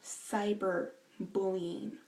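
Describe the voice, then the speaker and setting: Slow, emotional young woman vlogging. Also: medium pitch, level tone, dark tone, rough recording. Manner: slow, emotional, halting with sighs and restarts. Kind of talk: earnest vlog talk.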